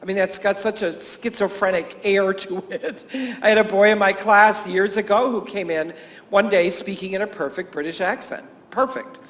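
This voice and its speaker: A man's voice: sits high, fairly even intonation, normal speed, a bit bright. A man who teaches and works at a camp, giving a conference talk to health professionals, full of anecdotes, frequent chuckles, fillers and restarts. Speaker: teacher and camp staff speaker.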